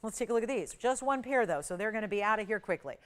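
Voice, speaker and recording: A middle-aged woman hosting a live TV shopping show, giving an enthusiastic, emphatic sales pitch in a studio. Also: expressive, fast. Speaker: shopping channel host.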